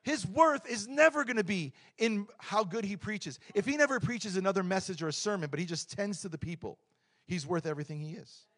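A middle-aged man preaching a lively, joking sermon in a church, swinging between loud points and quiet asides. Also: high voice, brisk. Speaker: pastor.

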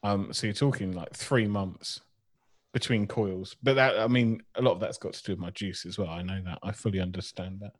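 Sweary blunt man, low voice. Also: brisk. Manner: sweary, blunt, laughing storyteller. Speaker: podcast co-host, vape shop worker. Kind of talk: casual banter podcast.

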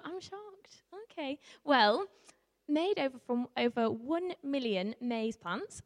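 A woman from Yorkshire without a strong accent, telling a story to a live audience as a youth worker, animated, with laughs and many ums. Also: high-pitched. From Yorkshire, England. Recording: reverberant hall.

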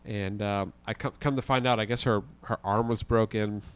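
Lower-voiced man telling a story. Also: moderate pace, smooth. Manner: animated, vivid retelling with occasional swearing. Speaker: podcast guest. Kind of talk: casual storytelling.

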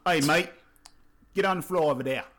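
A man's voice: fairly high pitch, brisk, a bit bright, lightly acted. A man doing a comic Australian accent as a bossy, threatening male home intruder barking orders. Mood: menacing.

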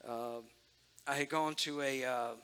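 A man's voice: mid-range voice, fairly even intonation, a little slow, a bit bright, smooth. A man giving an emotional, conversational sermon-style testimony, speaking directly to his audience.

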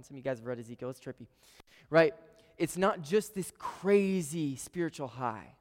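A man preaching a sermon to a live congregation, conversational and playful, with quick asides to the room. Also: mid-range voice. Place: church sanctuary with a live congregation. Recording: long reverb of a large hall.

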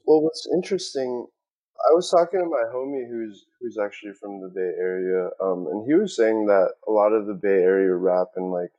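A man's voice: lowish voice, normal speed, warm tone, muffled recording. A young man from Queens, New York, chatting casually on a podcast and filling his speech with "like". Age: young adult. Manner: chatty, heavy on fillers like "like", laughs easily.

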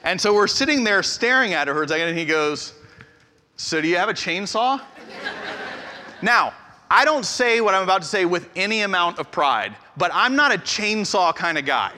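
A man in his forties, a pastor telling a humorous, self-deprecating story in an animated way, in a large hall. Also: high voice, fairly quick. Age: 40s. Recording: echoey hall reverb.

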